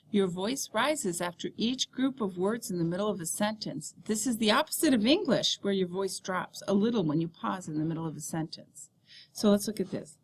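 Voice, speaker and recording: A woman French teacher giving a recorded lesson, explaining in English and saying French phrases slowly for students to repeat. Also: mid-range voice, a little mellow, slightly rough.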